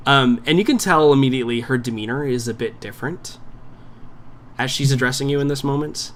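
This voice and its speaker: A man's voice: mid-range voice, fairly quick, a bit bright, a little hiss or hum. A man running a tabletop game as game master, narrating in a loose way full of fillers. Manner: casual, many fillers like "um" and "like".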